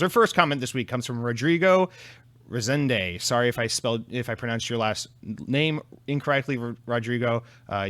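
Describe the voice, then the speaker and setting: A man's voice: medium pitch, a bit bright, no room sound. Brief: young male podcaster, mid-range voice, loose profane rambling, dry studio sound. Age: 20s. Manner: rambling, profane, self-deprecating. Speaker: podcast host. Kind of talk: casual solo podcast chat.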